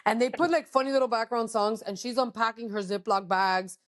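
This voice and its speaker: Woman, high voice, podcast co-host, casual gossip, profane, mixes in Spanish words. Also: fairly quick. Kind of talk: casual chat.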